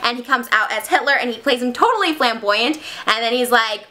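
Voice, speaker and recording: A woman in her twenties recapping a movie in a lively, casual vlog. Her voice sits high and bright, and she keeps breaking into quick impressions and snatches of song. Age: 20s. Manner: animated, slips into character voices and sung bits. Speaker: vlogger.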